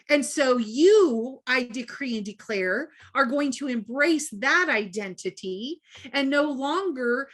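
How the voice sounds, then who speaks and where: A woman's voice: high voice, a bit bright. A woman sharing in an online lesson, speaking in an emphatic, decreeing way. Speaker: participant. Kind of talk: fervent spiritual sharing.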